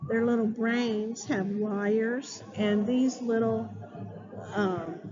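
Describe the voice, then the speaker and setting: A woman educator giving an instructional talk to teachers, deliberate and spelling words out letter by letter. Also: on the high side, steady tone, crowd noise. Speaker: early childhood educator. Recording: dull lo-fi sound with clear background ambience.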